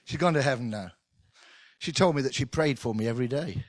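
A middle-aged man preaching a sermon in an animated, conversational way with touches of humour. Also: mid-range voice, brisk, dry recording. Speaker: pastor.

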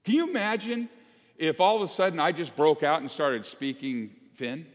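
A man preaching a sermon to his congregation, conversational and animated, joking with the people in the pews. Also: on the high side, moderate pace. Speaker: pastor. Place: church sanctuary. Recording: long hall reverb.

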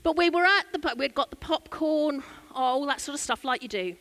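A woman's voice: sits high, expressive, moderate pace, a bit bright. A woman preacher with an English accent, giving a chatty sermon built around a family story, with asides to the congregation. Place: church.

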